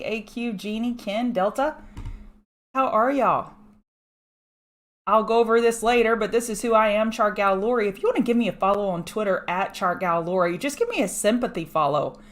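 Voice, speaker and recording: A woman in her thirties hosting a casual market livestream, chatty and greeting viewers by name. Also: medium pitch. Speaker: livestream market analyst host.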